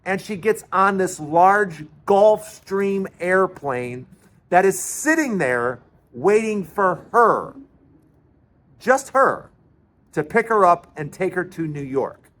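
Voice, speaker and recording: Man, high-pitched voice, chatty storytelling commentary, stumbles over words. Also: animated, slow, a bit bright. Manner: chatty, laughing, repeats words.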